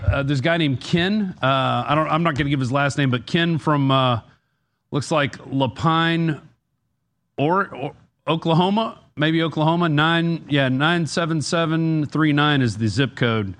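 A man's voice: fairly high pitch, normal speed, fairly bright tone. A man who is a news director, explaining things on air in a hesitant, casual way with many restarts.

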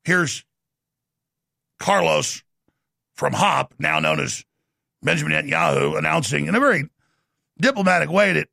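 Middle-aged man, sarcastic commentary host, lively swooping delivery, gravelly fry, bright tone. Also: a little high, normal speed, long pauses, no room sound, clean studio sound. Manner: sarcastic, animated, jokey. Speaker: show host. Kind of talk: political commentary monologue.

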